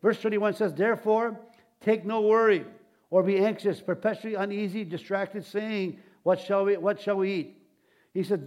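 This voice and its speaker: A man's voice: sits high, steady tone, normal speed, darkish tone. A man preaching a sermon, retelling scripture stories and acting out the quotes, with frequent restarts. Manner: storytelling, acts out quotes, rambling restarts.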